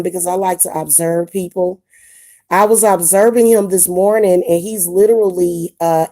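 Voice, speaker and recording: A woman's voice: on the low side, warm tone. A woman vlogger ranting casually to her viewers, blunt and indignant, often repeating herself. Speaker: spiritual advice vlogger. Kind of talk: casual ranting monologue to camera.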